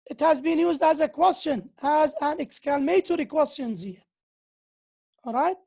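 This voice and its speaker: Slow, high-voiced woman lecturing. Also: creaky, darkish tone. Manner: repeats key phrases, reads out examples. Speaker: university lecturer. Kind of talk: slow lecture on English grammar.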